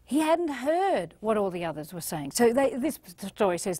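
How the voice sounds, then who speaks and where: An Australian woman delivers a training lecture in a lively, animated way. Her pitch sits fairly high and swings widely as she talks, and she readily acts out the voices she quotes. The sound is dry and close. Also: normal speed, few pauses, husky, no echo. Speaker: leadership trainer.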